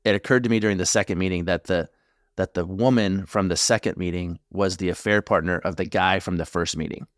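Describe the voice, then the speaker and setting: Middle-aged guy, deep low voice, therapist podcast host, halting reflective chat, dry sound. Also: fairly even intonation, dry recording. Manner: reflective, halting, many restarts and fillers. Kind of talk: casual conversational podcast chat.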